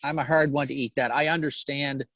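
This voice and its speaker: A middle-aged man from New Brunswick, Canada, chats as a guest in an interview. He talks in a halting way, full of fillers and restarts. His voice sits at an ordinary pitch, and the recording is dry and close. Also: steady tone, fairly bright tone, no echo. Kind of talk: casual interview chat.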